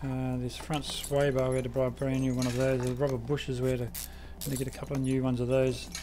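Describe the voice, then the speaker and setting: A man's voice: mid-range voice, completely flat delivery, fairly quick. A man from South Australia with an Australian accent, chatting casually while live streaming a car repair game and rambling a little. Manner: rambling, chatty, loses his train of thought. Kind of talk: casual gameplay commentary.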